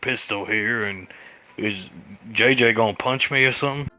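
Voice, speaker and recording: A man voicing a dim-witted young stuntman who talks in a slow, dopey drawl. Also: on the low side, sharp tone, no room sound.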